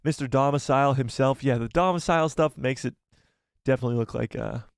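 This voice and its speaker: A man's voice: mid-range voice, quick pace, creaky, clean tone, no room sound, studio quality. A man hosting a casual live stream, reading viewer comments aloud and reacting in a jokey, chatty way.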